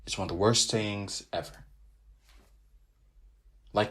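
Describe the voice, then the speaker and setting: A man's voice: fairly low pitch, fairly even intonation, takes it slowly, long pauses, a bit bright. A man hosting a casual sports podcast, joking around, repeating his phrases and sliding into a sing-song delivery. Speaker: podcast host.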